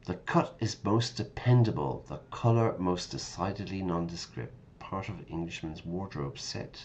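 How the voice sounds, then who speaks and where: A man's voice: deep voice, moderate pace, a little mellow, muffled recording, slight background noise. A man reading game text aloud and patiently explaining words to English learners, often checking in with listeners. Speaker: English teacher streaming a game.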